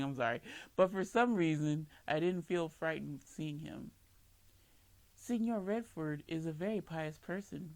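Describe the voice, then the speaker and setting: A woman reading visual novel narration aloud, often tripping over words and correcting herself. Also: on the low side. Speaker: game streamer reading dialogue aloud. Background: game music.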